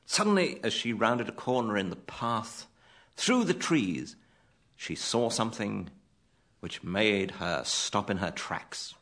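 A man's voice: on the low side, expressive, takes it slowly, fairly bright tone. A man narrating a fairy tale in a mock-solemn comic storytelling manner before an audience. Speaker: comedy panelist. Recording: noisy old stage recording.

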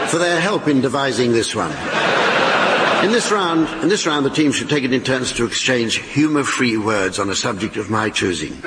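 A man chairing a comic panel game in front of a live theatre audience, announcing rounds in a dry, mock-formal manner. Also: mid-range voice. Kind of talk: comic quiz hosting. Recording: live theatre recording, loud audience noise.

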